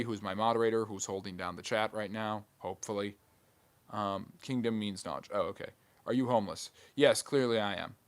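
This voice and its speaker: A man hosting a live history stream, reading chat questions aloud and answering with quick, dry jokes. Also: lowish voice.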